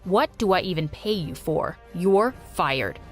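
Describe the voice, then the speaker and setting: A woman's voice: lowish voice, animated, measured pace, faint music behind, voice pushed down. A woman voicing a stern, wealthy middle-aged father who scolds in short, curt lines. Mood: angry.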